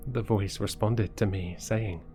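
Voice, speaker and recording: A man reading a horror story aloud in a measured, scripted narration. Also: fairly low pitch, fairly even intonation, warm tone, faint music behind. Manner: slow, measured storytelling delivery.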